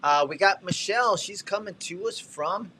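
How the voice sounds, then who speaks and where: A man hosting a casual livestream, walking viewers through real estate tech tools with energetic, chatty asides. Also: sits high, moderate pace, a little hiss or hum. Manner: energetic, talkative, shout-outs and asides.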